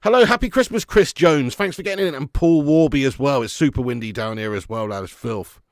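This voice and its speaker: A man hosting a live match watch-along, chatting excitedly with viewers and calling them mate and lad. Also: mid-range voice, brisk, no echo, clean studio sound. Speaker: fan channel host doing a live match watch-along. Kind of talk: casual live-stream commentary and chat.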